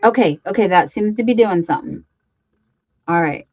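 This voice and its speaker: A woman's voice: mid-range voice, moderate pace, no room sound, highs cut off. A woman hosting a live crafting stream, chatting casually and reading out viewer comments as she greets them by name.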